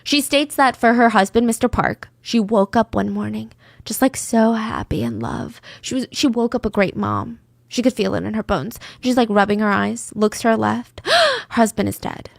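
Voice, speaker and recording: A woman's voice: medium pitch, lively intonation, normal speed, vocal fry, dry recording, studio quality. A woman hosting a podcast, telling a true-crime story in a casual, chatty way and dropping into whispers for suspense. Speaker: podcast host.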